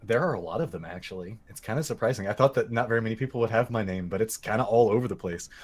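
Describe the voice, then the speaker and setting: Fast-talking upbeat esports caster man. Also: lowish voice. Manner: upbeat, hype-building. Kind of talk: casual esports casting chat.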